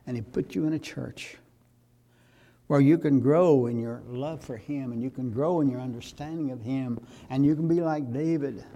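A pastor, preaching a sermon that rises to loud, fervent exhortation. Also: male voice, medium pitch, normal speed, muffled recording.

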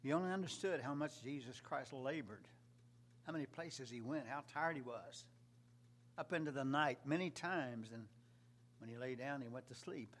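A man preaching a sermon, shifting from soft, quiet lines to loud, rising cries. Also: mid-range voice, normal speed. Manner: preaching with sudden loud swells and soft drops.

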